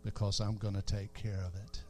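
A preacher lowering his voice to play God as a still small voice, low, hushed and soothing, speaking gently inside a sermon. The voice drops far below his normal preaching register. It stays soft and quiet, with no push or strain. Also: flat delivery, fairly quick, faint music behind, close to an everyday voice. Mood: calm reassuring.

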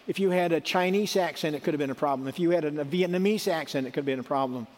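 A man's voice: a little high, fast talker, long reverb tail. A middle-aged man giving a sermon in a conversational, folksy way, with asides and restarts. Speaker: preacher.

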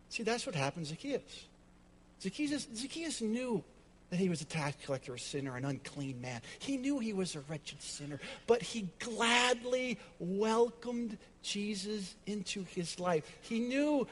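Male pastor, sermon, dramatic emphasis, high voice, reverberant church hall. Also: expressive, unhurried.

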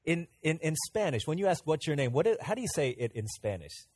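A man preaching a sermon to his congregation in a fairly high voice. He swings between emphatic, raised lines and quieter asides, and he has the listeners repeat words back to him. The sound is dry and close to the mic. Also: expressive, fast, few pauses, husky, no room sound. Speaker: pastor.

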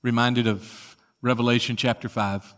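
A man preaching a sermon and reading scripture aloud, building to loud emphatic peaks and then dropping low. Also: level tone, normal speed. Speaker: pastor.

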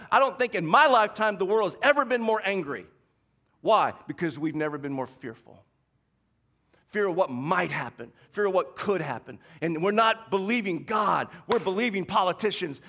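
A man from the American South delivers a sermon in a high, bright voice. He presses on his points with repetition and swings from quiet, low lines to loud shouts. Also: animated, moderate pace. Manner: emphatic preacher, swings from hushed to shouting, repeats key lines. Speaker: pastor.

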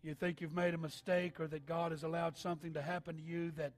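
A man preaching an altar call sermon, reading scripture and building to shouted, sing-song appeals. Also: on the high side, little pitch movement, fast talker. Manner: reads scripture in King James wording.

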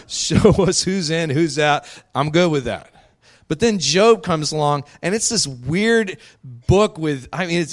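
A male pastor gives a sermon in a candid, chatty way, laughing easily between his points. His voice sits a little higher than most men's. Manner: candid and conversational, laughs often.

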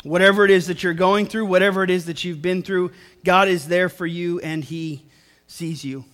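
Young guy pastor preaching in church, kinda high voice, earnest, keeps repeating himself for emphasis. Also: steady tone, normal speed, a bit bright. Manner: earnest, repeats phrases for emphasis, talks to the congregation. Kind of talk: sermon. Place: church service before a congregation.

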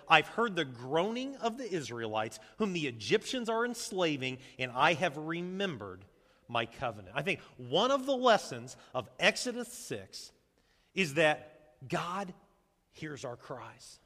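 A man preaching in a church sanctuary, his slightly high voice rising and falling with lively, dramatic swings. He moves from loud, ringing calls to hushed, low lines. The sound carries a long reverb from the hall. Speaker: pastor. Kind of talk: sermon.

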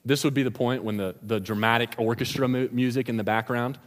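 A man's voice: mid-range voice, fairly even intonation, a little fast. A man preaching a sermon, retelling the scripture story in a casual, slangy storytelling manner. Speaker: pastor. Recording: long reverb of a large hall.

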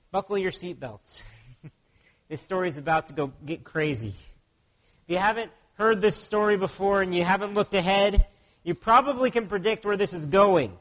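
A man's voice: high voice, a bit bright. A pastor preaching a sermon in an earnest way, often putting questions to his listeners.

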